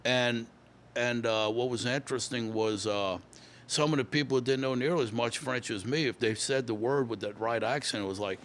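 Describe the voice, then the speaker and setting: A man's voice: medium pitch, normal speed, a bit bright. A man, telling stories as a guest in a casual interview, often repeating and restarting words. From Louisiana. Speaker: guest musician.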